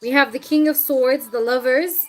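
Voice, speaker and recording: A woman hosting a casual live tarot reading, chatting with viewers and often clearing her throat. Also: sits high, steady tone, moderate pace, soft background music, rough recording.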